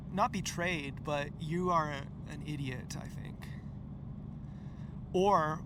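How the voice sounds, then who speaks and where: A man's voice: a little high, noisy background. A man vlogging in a meandering, stream-of-consciousness monologue, full of fillers and casual swearing. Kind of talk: rambling personal monologue.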